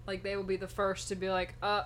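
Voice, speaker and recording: A young woman talks through a relaxed podcast, playful and quick to break into giggles. Her pitch sits mid-range for a woman. A faint hiss of background noise runs under the recording. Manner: giggly, playful, laughs often. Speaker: podcast co-host. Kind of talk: casual chat.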